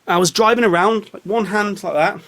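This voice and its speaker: Rambling English man, slightly high voice. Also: brisk, a bit bright. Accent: English, London. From England. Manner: rambling, self-mocking, big swings of voice. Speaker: vlogger. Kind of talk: rambling comic monologue. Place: small hot studio.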